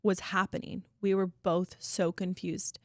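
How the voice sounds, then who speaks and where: A woman's voice: on the low side, flat delivery, measured pace, darkish tone, no echo, studio quality. A young woman co-hosting a faith podcast, telling of a frightening birth in an earnest, emotional way, often trailing off. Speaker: podcast co-host. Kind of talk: casual testimony chat.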